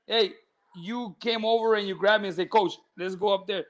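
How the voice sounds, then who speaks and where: A man's voice: high-pitched, steady tone, normal speed. A man who co-hosts a podcast as a boxing coach, talking in an easygoing way with many "you know" fillers. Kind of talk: casual podcast chat.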